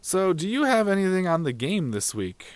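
A podcast co-host giving relaxed, thoughtful opinions and laughing easily. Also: mid-range voice, normal speed, music in the background. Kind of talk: casual episode review chat.

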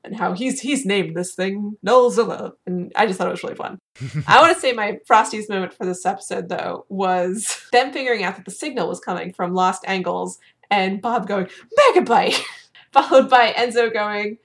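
A woman's voice: medium pitch, creaky, a bit bright. Upbeat woman podcast co-host. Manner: upbeat, laughs often, quick asides. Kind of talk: casual chat.

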